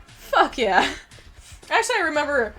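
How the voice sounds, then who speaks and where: A woman's voice: high voice, sing-song, a little slow, sharp tone, faint music behind. A woman casually chatting on her live stream, laughing often and swearing freely.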